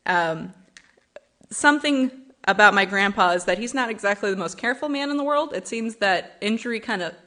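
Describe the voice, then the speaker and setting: A young woman giving a personal testimony and reading scripture at a church service, in an earnest, gently conversational way. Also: mid-range voice, lively intonation, brisk. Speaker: church member giving a talk.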